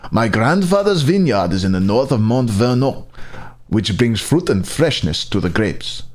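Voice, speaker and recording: Man hamming up a sentimental French vintner, put-on French accent, lilting and lively, flowery delivery. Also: mid-range voice, close to an everyday voice. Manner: fond, flowery, read aloud. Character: sentimental male French winemaker signing his label.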